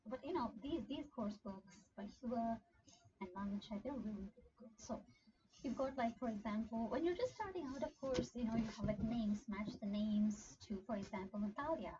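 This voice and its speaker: A chatty woman talks through a beginner lesson in a loose, rambling way. Her voice sits at an ordinary pitch but comes through dull and lo-fi. A steady hiss of noise runs behind her. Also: normal speed. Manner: chatty, rambling with many fillers. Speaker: language tutor. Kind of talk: casual screen-share study session. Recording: dull lo-fi sound with clear background noise.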